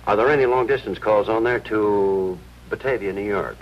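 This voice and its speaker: An actor playing an earnest, persistent hospital chaplain who questions people gently, in a 1950s TV drama. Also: male voice, on the low side, moderate pace, highs cut off, slight background noise, close to an everyday voice. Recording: 1950s TV soundtrack with music underneath.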